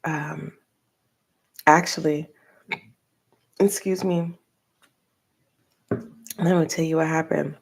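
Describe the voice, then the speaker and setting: An older woman, a tarot reader, chatting casually and rambling, with soft asides. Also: sits low, steady tone, takes it slowly, vocal fry, pauses often, slightly rough. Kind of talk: casual tarot reading talk.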